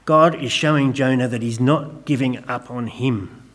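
A man preaching a sermon, gentle and conversational with light humor, praying in a soft, hushed way. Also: medium pitch, normal speed. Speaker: pastor.

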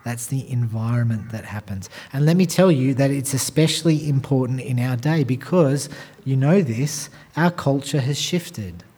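A male pastor delivering a sermon at a medium pitch. He speaks straight to his listeners with rhetorical questions and swings from hushed asides to loud, emphatic stretches. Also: moderate pace, husky. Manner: emphatic, builds from quiet asides to loud, raised passages; addresses the congregation directly with rhetorical questions.

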